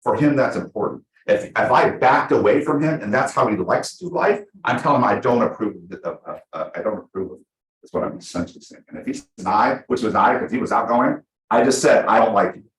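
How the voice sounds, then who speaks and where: A man teaching real estate agents at a team meeting, talking fast and acting out his examples. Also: mid-range voice. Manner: energetic, fast, full of acted-out examples. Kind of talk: live team training class. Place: meeting room with a small audience. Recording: echoey room.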